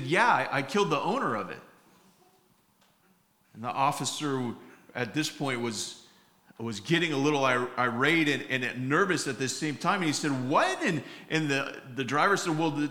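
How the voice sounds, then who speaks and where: A man's voice: fairly high pitch, bright, forceful tone, reverberant. A man preaching a sermon, telling funny stories and acting out the lines of each character, with frequent fillers and restarts. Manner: storytelling with acted-out quotes, many fillers and restarts. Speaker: pastor.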